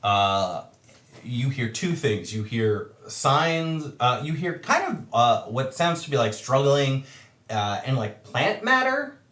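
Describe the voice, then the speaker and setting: A man in an echoey room narrates a tabletop game as its game master. He talks slowly and keeps stopping on ums and uhs, but his low voice swings widely as he describes the scene. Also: very animated, a bit bright. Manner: halting, many ums and uhs.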